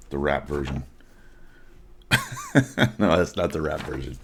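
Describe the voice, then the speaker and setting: A man's voice: very deep voice, huge pitch swings, slow pace, pauses often, heavy background noise. A man hosting a casual gaming podcast, joking and self-mocking and laughing often. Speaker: podcast host. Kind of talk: casual chat.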